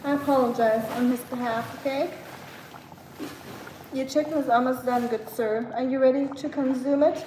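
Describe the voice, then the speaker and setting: A woman with a slightly high voice chats on a live stream while she cooks in her kitchen. She talks easily to her dog and reads out viewer comments between tasks. Dishes and pans clatter clearly in the background. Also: fairly even intonation, normal speed, background noise. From learned British English. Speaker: livestream host. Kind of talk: casual live-stream chat while cooking. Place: home kitchen. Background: kitchen clatter of dishes and pots.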